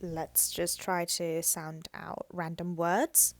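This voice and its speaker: A woman teaching a language lesson, slowly modelling syllables aloud and explaining each one clearly. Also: lowish voice, level tone, no room sound, clean studio sound.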